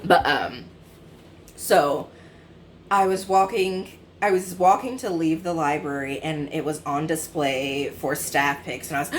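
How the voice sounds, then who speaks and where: A woman in her twenties talks through her recent reads in a loose, rambling way. She pads her sentences with fillers and often corrects herself mid-thought. Her voice sits a little lower than most women's. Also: a little slow, a little hiss or hum. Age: 20s. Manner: chatty and rambling, with many fillers and self-corrections. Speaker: book vlogger. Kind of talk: casual book review chat.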